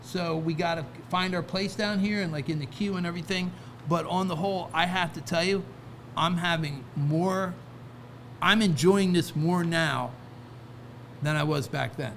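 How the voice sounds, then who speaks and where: A man's voice: fairly high pitch, normal speed, a bit bright, a little hiss or hum. A man talking casually as a podcast guest, rambling with many restarts and "right?" asides. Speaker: guest, record label founder. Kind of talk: casual interview talk.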